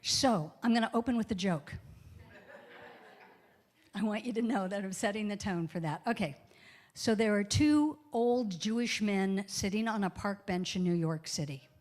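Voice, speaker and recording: A woman's voice: medium pitch, moderate pace, darkish tone. A woman speaking as a guest minister in a church, giving a chatty, joking sermon and spelling words out letter by letter. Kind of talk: casual sermon.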